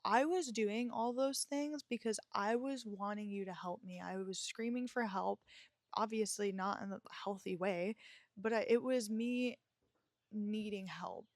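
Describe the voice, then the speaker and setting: A woman's voice: mid-range voice, measured pace, dry recording, studio quality. Candid woman telling her own story. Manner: reflective, confessional, with many filler words. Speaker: podcast host.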